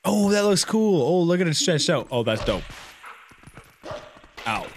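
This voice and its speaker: Excitable man yelling over game footage. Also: takes it slowly, background noise. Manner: loud excitable outbursts, jumping between high yelps and low mutters, laughs a lot. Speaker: gaming YouTuber. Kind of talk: let's play commentary.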